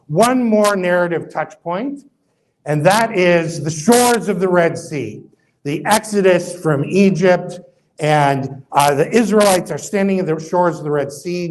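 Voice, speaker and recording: Animated storytelling rabbi, a man. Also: a little hiss or hum, poor audio. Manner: animated, acts out quoted voices with rising pitch; conversational, many fillers and asides. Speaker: rabbi giving an interfaith talk. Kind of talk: casual storytelling lecture.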